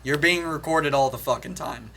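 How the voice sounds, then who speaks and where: A man's voice: medium pitch, moderate pace, gravelly, pushed and bright. A man co-hosting a podcast in casual chat, making crude jokes and laughing at his own bits. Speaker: podcast co-host.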